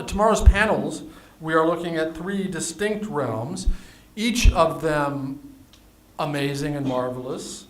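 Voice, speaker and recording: A man acting as master of ceremonies at a live event, speaking with frequent restarts and fillers and a dry sense of humor. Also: on the high side. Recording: echoey hall.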